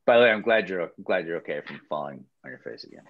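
A man's voice: sits low, animated, rapid-fire, narrow, tinny audio. A man hosting a webinar over video call, talking in a laid-back way full of "man" and "you know.". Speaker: webinar host. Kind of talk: casual group video-call chat.

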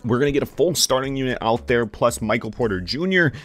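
Excitable young man calling game plays. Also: mid-range voice, quick pace. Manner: excitable, swears, calls plays like a broadcaster. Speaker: gaming YouTuber. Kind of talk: play-by-play commentary over a basketball video game. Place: home room, worried about neighbors.

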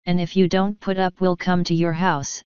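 A rough, menacing male beggar in a storybook, as a woman reads him, slow and low in a crisp voice. The dry recording sounds slightly dull. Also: flat delivery, a little mellow, no echo, natural voice. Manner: rough, threatening.

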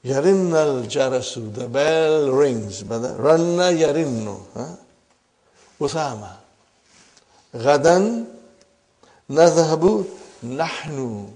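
A man teaching Arabic grammar in a classroom, speaking slowly and with a fairly high voice. He questions his students again and again and nudges them with "huh?" He calls the class brothers and sisters. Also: animated, warm tone.

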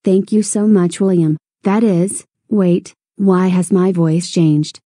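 A woman's voice: fairly low pitch, fairly even intonation, takes it slowly, mellow, husky, no room sound, clean studio sound. Woman voicing a sweet cartoon girl.

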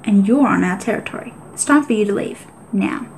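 A woman's voice: mid-range voice, brisk, vocal fry, darkish tone, a little hiss or hum, close to an everyday voice. A woman voicing a stern male warrior cat leader who speaks curtly and gives orders, in a storybook reading. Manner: curt and commanding.

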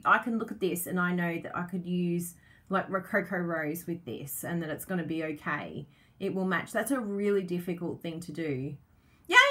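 A woman, gushing excitedly over craft paper and chatting with viewers on a live stream. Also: on the low side. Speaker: craft product demonstrator. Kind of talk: live-stream unboxing chat.

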